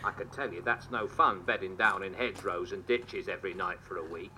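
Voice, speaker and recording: An actor with a Norfolk accent playing a worried medieval farmer archer in an audio guide, speaking plainly and homely. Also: male voice, sits low, fairly quick, sharp tone, a little hiss or hum. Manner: homely, plain-spoken storytelling. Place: played outdoors from a battlefield audio post.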